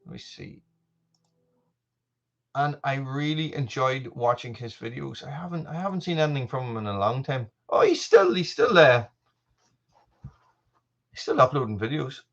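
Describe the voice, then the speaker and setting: A man's voice: medium pitch, moderate pace, gravelly, long pauses, a bit bright, lo-fi sound. Rambling Irish man on a live stream. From Ireland. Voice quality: rambling, restarts sentences. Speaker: channel host. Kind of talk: live stream chat reading comments.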